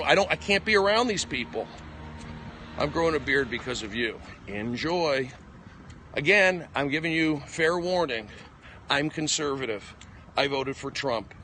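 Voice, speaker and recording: Combative ranting man, bright voice. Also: a little hiss or hum. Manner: combative, jumpy pitch, ranting. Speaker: comedian livestreaming. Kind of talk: rambling live stream monologue. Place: outdoors on a city walk. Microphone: phone at arm's length.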